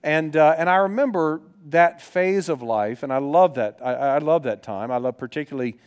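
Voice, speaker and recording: Earnest middle-aged pastor preaching. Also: male voice, on the high side, moderate pace, clean tone. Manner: earnest, conversational storytelling with many restarts. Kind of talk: sermon.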